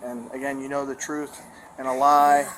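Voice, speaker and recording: A woman police officer asking calm, patient questions, recorded on a body-worn camera at a police scene. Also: rumbling low, normal speed. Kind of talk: bodycam interview and reading of rights. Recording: noisy body camera audio.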